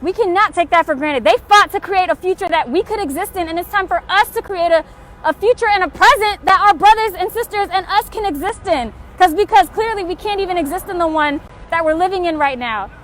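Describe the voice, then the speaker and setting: Very high-voiced impassioned woman. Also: a little fast, a bit bright. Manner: impassioned, urgent, repetitive calls to action. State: frustrated and tired. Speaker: livestreamer. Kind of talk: livestreamed street appeal. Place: outdoors on a city street. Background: faint passing traffic and honking.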